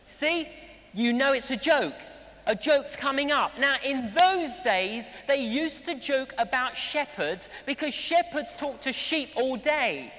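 A man's voice: extremely high pitch, slow. A man preaching a sermon at a live celebration, telling stories with jokes and acted-out voices. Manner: animated storytelling, acting out voices and jokes. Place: large hall at a live celebration. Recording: long reverb of a big hall.

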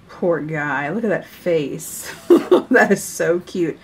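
A woman's voice: lowish voice, animated, slow, hardly any pauses, slight background noise. Chatty, gushing woman crafter. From United States. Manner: chatty and gushing, with frequent laughs. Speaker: card-making YouTuber. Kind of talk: casual chat showing mailed cards.

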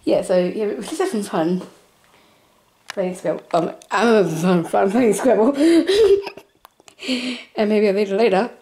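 A woman's voice: mid-range voice, unhurried, long pauses. Giggly woman vlogging in a roomy space. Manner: giggly, laughs between phrases; excitable, rambling. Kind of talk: casual chat to camera. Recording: roomy echo.

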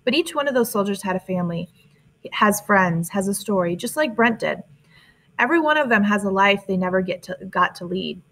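A woman reading the lines of a tired older male teacher speaking gravely to his class, in an audiobook. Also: medium pitch, animated, brisk, a bit bright, rough recording. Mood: weary. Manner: weary, grave.

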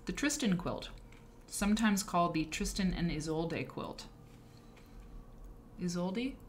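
A woman's voice: fairly low pitch, animated, a little slow, a little hiss or hum. A woman hosting a live stream, chatting casually and rambling with frequent asides and self-corrections. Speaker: livestream show host. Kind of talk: casual live-stream talk about quilt history.

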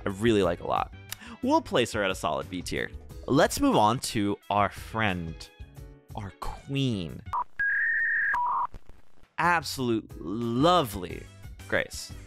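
A man's voice: mid-range voice, fairly bright tone. A man talking casually as he ranks game characters, playful and rambling, with theatrical asides. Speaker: gaming YouTuber. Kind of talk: casual tier-list commentary.

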